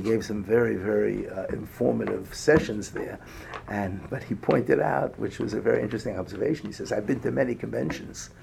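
Older man, very gravelly voice, halting rabbinic lecture, faint hiss. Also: mid-range voice, dark tone. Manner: halting, many restarts and fillers; rising emphasis on lists. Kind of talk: Torah lecture. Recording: faint background noise.

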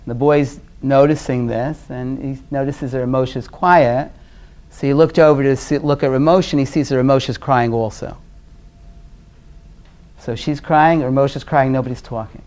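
An earnest Brooklyn man gives a parenting class built around storytelling in a conversational style. As the stories unfold, he often lowers his voice to something quiet and low.

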